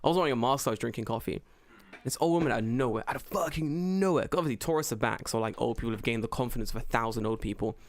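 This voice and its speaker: A young man co-hosting a podcast, telling stories in an animated, profane, laughing casual-chat style. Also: mid-range voice, very fast. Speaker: podcast co-host.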